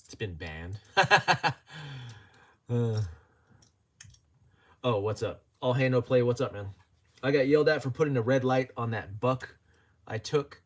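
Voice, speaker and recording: A man's voice: medium pitch, animated, unhurried, long pauses. A man hosting a casual livestream, chatting and joking as he reads viewer comments aloud and laughs often. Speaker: livestream host.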